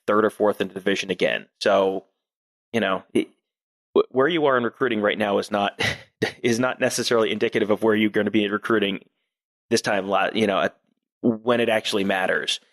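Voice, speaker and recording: Male podcast co-host, lowish voice, measured analyst who thinks out loud. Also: fairly even intonation. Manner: measured, thinks aloud with frequent restarts. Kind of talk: casual analytical sports talk.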